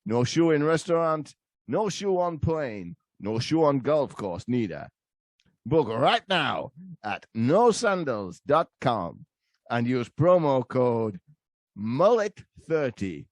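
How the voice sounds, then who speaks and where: A man putting on a patois voice as a male radio ad announcer with a slow, drawling sales pitch. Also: big pitch swings, dry recording, studio quality. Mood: mock salesy.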